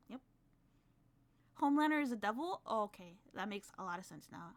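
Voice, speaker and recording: A woman streaming a reaction to a video, talking excitably and shouting and laughing when she protests. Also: medium pitch, fast. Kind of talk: live reaction commentary.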